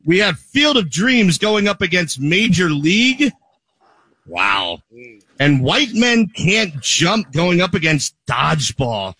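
A man's voice: sits high, very animated, takes it slowly, bright, forceful tone, husky. A man hosting a casual podcast chat, rowdy and joking, drinking beer as he runs a movie bracket. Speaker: podcast host.

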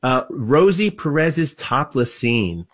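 A man's voice: medium pitch, sing-song, takes it slowly, a bit bright. A man hosting a casual sports-movie podcast segment, calling on each panelist in turn. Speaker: podcast host. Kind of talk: casual chat.

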